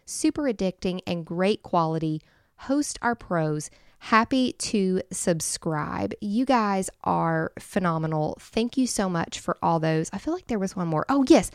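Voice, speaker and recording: A woman co-hosting a podcast in casual chat, bubbly and quick to laugh as she reads out listener reviews. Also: mid-range voice, no room sound, clean studio sound. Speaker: podcast co-host.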